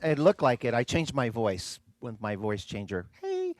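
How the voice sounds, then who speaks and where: A man presenting and demonstrating an organ in a live online show, talking excitedly and chatting with his viewers. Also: mid-range voice, moderate pace. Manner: excitable, chatty, addresses audience as folks. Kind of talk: enthusiastic live-streamed product demo.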